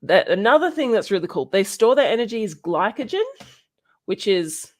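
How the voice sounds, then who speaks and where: A woman hosting a casual educational chat, halting often with ums and restarts and laughing now and then. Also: medium pitch, very animated. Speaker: podcast host.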